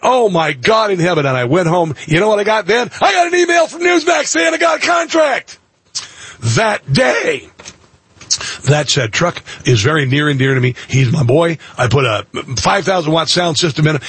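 A male radio and TV host telling a story in an excitable monologue, his voice jumping up into loud outbursts. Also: fairly high pitch, husky, no room sound.

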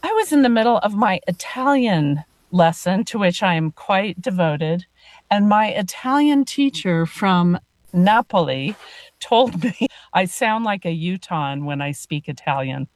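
Lower-voiced woman host, dry sound. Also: animated, unhurried, no echo. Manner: chatty, storytelling questions. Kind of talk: casual interview chat.

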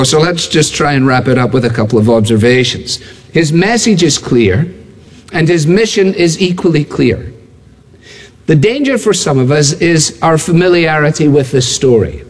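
A male pastor delivers a sermon in a high, very animated voice that climbs and dips across wide swings. He drives his points home with repeated phrases and asks the congregation pointed rhetorical questions. His voice rings out with a long trailing reverb from a large church hall. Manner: emphatic, building repeated phrases.

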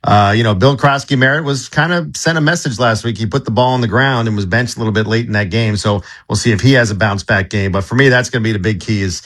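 A man's voice: on the low side, quick pace, hardly any pauses, fairly bright tone. A man who is a sports director, talking casually in a live radio preview, with many fillers and restarts.

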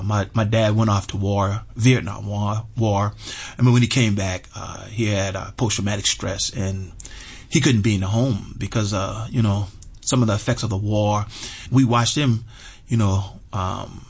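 A man's voice: fairly low pitch, steady tone, normal speed, gravelly, breathy edge. A middle-aged man telling a heartfelt personal story, earnest, with lots of fillers and repeated words. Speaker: interview guest.

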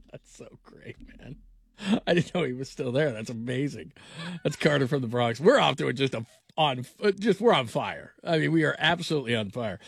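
A man's voice: mid-range voice, expressive, normal speed, gravelly, breathy edge, dry recording, studio quality. A middle-aged man hosting a call-in sports radio show, talking casually with restarts and easy laughs. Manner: rambling, repeats words, laughs easily. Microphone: studio microphone.

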